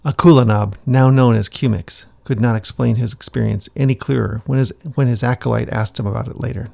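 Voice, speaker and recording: A man reading his own comic aloud, narrating and adding relaxed, musing asides. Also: mid-range voice, moderate pace, vocal fry. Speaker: comic author and reader.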